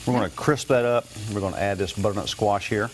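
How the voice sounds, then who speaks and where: Low-voiced, fast-talking man chef. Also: slight background noise. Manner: rambling, full of fillers and restarts. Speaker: guest chef. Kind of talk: cooking demonstration on morning TV. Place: TV studio kitchen.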